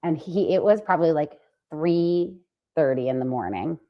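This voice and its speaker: Swearing woman telling an animated story. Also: sits low, normal speed, muffled recording. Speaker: podcast co-host. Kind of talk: casual podcast chat.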